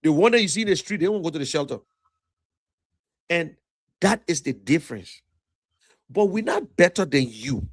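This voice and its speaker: A man's voice: on the high side, animated, normal speed, pauses often, no room sound. A man with a Liberian accent, hosting a livestream and lecturing in an emphatic, repetitive political rant. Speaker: livestream host.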